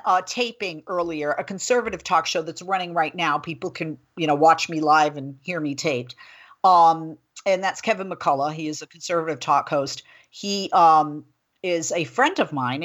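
A woman in her forties hosts a political talk radio show, chatty and animated as she tells stories. Her voice sits a little low.

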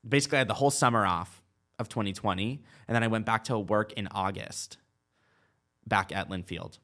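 A man in his twenties, appearing as a guest, talks briskly in a lowish, slightly bright voice. He shares a long personal story in relaxed conversation, heavy on "like" and on lines quoted from others.

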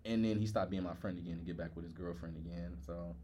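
A young man, a podcast co-host, telling a personal story in a candid, halting way with many filler words. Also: low voice, steady tone, mellow, a little hiss or hum.

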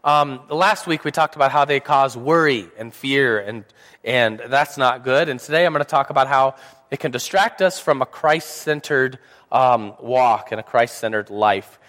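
This time his voice is medium in pitch, a bit bright, at normal speed. The young man, throat slightly sore, rambles through an informal church Sunday school talk with jokes and plenty of fillers, recorded in an echoing church hall.

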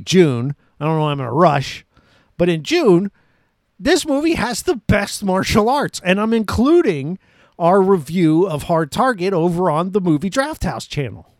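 A man's voice: sits high, no echo, studio quality. A man hosting a podcast, reviewing a movie in a casual, rambling, self-mocking way. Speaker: podcast host.

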